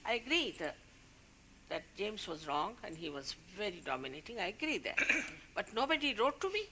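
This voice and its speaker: A woman's voice: medium pitch, big pitch swings, normal speed, bright, forceful tone, slight background noise. A woman, a spiritual leader, giving an informal talk to her followers, warning and scolding them in a conversational way.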